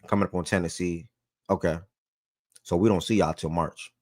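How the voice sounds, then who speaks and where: A man's voice: sits low, fairly even intonation, normal speed, a little mellow, no echo. A man hosting a sports talk show in a loose, slangy way, repeating phrases for emphasis and getting worked up.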